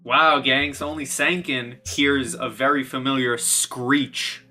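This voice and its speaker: A man runs a tabletop game with casual, joking narration. His voice is bright and forceful. Light music plays behind him. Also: medium pitch, fairly even intonation, takes it slowly. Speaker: game master.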